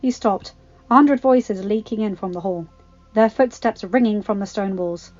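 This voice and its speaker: A woman reading a fan fiction story aloud in a calm, even manner. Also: medium pitch, moderate pace, lo-fi sound, faint music behind. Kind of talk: audiobook narration.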